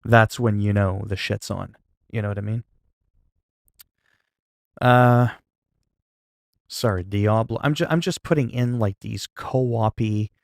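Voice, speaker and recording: A man chatting casually with viewers on a live stream, calm and low-key, with a delivery some find sleepy. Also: vocal fry, dry recording, clean studio sound. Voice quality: sleepy-sounding, flat delivery. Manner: low-key, calm and unhurried, not hyped. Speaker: livestreamer.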